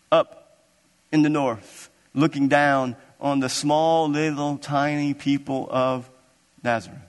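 A man pastor preaching a sermon in a church, animated and acting out scripture scenes. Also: medium pitch. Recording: long reverb of a large hall.

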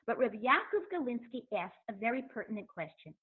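A woman teaching a Torah lecture, animated and acting out the quotes she cites. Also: fairly high pitch, a little fast, slightly rough. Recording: thin phone-like line.

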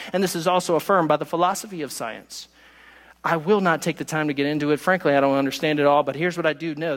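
High-voiced preacher in a reverberant hall. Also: male voice. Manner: emphatic preaching, pace shifting from quick asides to slow stresses. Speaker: pastor. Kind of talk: sermon.

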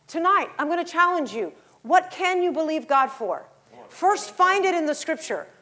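A middle-aged woman preaching a sermon, telling stories and acting out the voices in them, rising to loud exhortation. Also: sits high. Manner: acts out voices in her stories.

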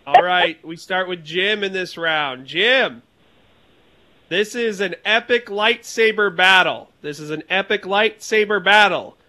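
A man's voice: high-pitched, measured pace, sharp tone. A man co-hosting a party voice game, reading out prompts with laughter. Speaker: game co-host. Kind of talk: casual banter.

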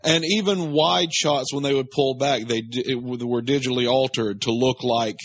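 Male co-host, husky voice, blunt and exasperated, dry close sound. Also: mid-range voice, steady tone, moderate pace, dry recording. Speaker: podcast co-host. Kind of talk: casual chat reviewing a film.

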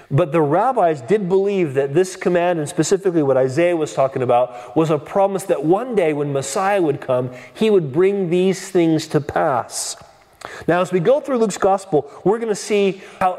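Male pastor, sermon, earnest, restarts often, fairly high voice, long hall echo. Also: mellow. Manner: earnest, with frequent restarts and emphatic rhetorical questions. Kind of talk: expository sermon. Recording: long reverb of a large hall.

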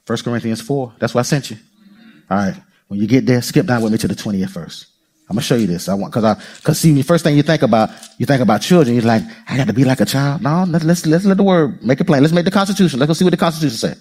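A man speaks fast in a slightly rough, mid-range voice as he delivers a sermon. He's a pastor, animated in his preaching, calling to the congregation and performing voices.

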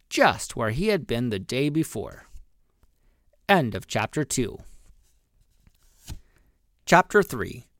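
A man reading a children's animal story aloud, expressive and gently playful. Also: medium pitch, no room sound, studio quality. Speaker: audiobook reader. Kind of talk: storybook narration.

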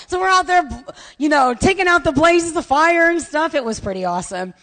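Woman pastor with a high voice, lively storyteller who shouts at the peaks, sermon in a large echoing church hall. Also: normal speed. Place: church sanctuary. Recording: long reverb of a large hall.

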